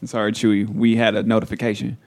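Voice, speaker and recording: A man's voice: fairly low pitch, little pitch movement, quick pace, a little mellow. Young man telling profane stories. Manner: loose, profane storytelling with laughs. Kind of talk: casual chat.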